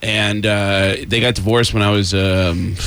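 Brief: male comedian guest, animated storyteller, neutral accent, from New York. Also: on the low side, measured pace, clear, resonant tone. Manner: animated storyteller who slips into voices. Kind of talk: casual interview chat.

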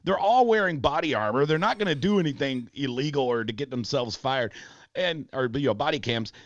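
A man's voice: medium pitch, a little fast, dry recording. A man in his forties hosting a radio talk show, telling stories with lots of fillers. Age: 40s. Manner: animated storytelling, frequent fillers, laughs. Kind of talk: casual talk radio banter. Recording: dull dry studio sound.

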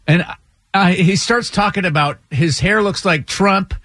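A man's voice: high voice, unhurried, no room sound. A man hosting a morning radio show in a studio, telling stories in casual banter and acting out the voices of people he quotes. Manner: animated storyteller, acts out quoted voices.

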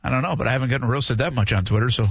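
On a lo-fi recording with no echo, a man with a medium-pitched, gravelly, breathy voice talks very fast while hosting sports radio from a studio microphone. He banters easily with his co-hosts in casual sports talk, chuckling as he reads out listener messages.

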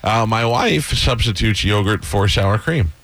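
A man's voice: on the low side, animated, unhurried, fairly bright tone. A man hosting a morning radio show, joking around and laughing with his co-hosts and callers. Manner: teasing, laughing a lot. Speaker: radio host.

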